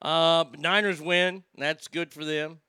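A man's voice: fairly high pitch, fairly even intonation, slow, bright, forceful tone, smooth, no echo, clean studio sound. A man ranting casually about weekend football scores, brash and sarcastic, swearing freely. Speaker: sports talk host. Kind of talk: casual sports rant.

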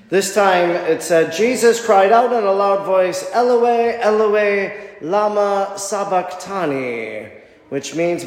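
A man's voice: high voice, darkish tone. A man preaching an Easter homily as a priest, reflective and wondering as he reasons aloud. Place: church. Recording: echoey church with long reverb.

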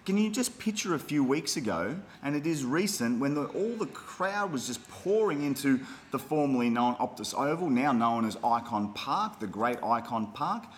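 An Australian man co-hosting a casual podcast, animated, jokey and given to swearing. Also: medium pitch, moderate pace, few pauses, a little hiss or hum. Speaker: podcast co-host.

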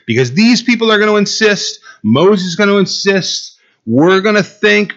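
A man's voice: sits high, sing-song, moderate pace, a bit bright. Emphatic male pastor, lo-fi sound. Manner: emphatic, asks the listeners questions and repeats phrases. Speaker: pastor teaching a Bible class. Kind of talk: sermon.

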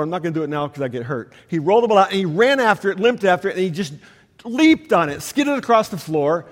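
A man's voice: high voice, big pitch swings, quick pace. Preaching man in an echoing hall. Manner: storytelling with emphatic, rising delivery. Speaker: pastor. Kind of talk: sermon. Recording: long hall reverb.

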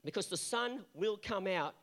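Guy preaching, high voice, bit hoarse, fired up and repeating himself. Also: expressive, moderate pace, a bit bright. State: hoarse from losing his voice. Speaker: pastor. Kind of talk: sermon.

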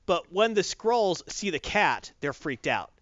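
A man chatting casually about a movie, acting out quotes in quick voices. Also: high voice, big pitch swings, fairly bright tone, dry recording, highs cut off. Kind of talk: casual chat, movie review.

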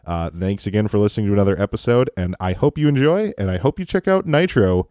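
A man's voice: lowish voice, lively intonation, fast talker, mellow, no echo. A man hosting a podcast in a casual, rambling way, full of fillers and restarts, speaking from a home recording setup. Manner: chatty, rambling with many fillers. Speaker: podcast host.

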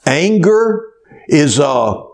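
A man preaching a sermon as pastor, telling stories in a slow, deliberate way and stretching out key words. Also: on the high side, sing-song, darkish tone.

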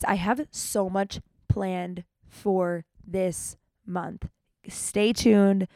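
A young woman hosting a podcast, telling stories in an animated, chatty way, with dramatic retellings. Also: mid-range voice, clear, resonant tone, no echo. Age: young adult. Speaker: podcast host. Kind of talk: casual storytelling monologue.

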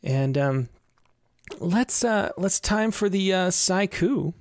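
A man with a gravelly, fairly high voice hosts a podcast in a casual, rambling way, full of ums and restarts. The sound is close and dry. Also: expressive, slow pace, dry recording. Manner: rambling, with many fillers. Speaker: podcast host.

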